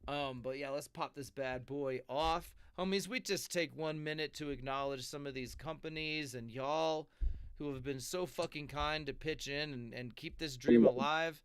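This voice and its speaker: A man's voice: fairly high pitch, normal speed, clear, resonant tone. A man hosting a podcast, talking in a laid-back, slangy, chatty way. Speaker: podcast host. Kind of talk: casual chat.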